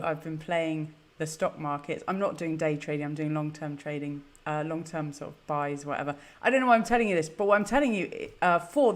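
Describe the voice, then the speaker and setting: A woman hosting a live stream, chatty, flustered and self-deprecating. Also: deep voice. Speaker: host. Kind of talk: casual live-stream chat.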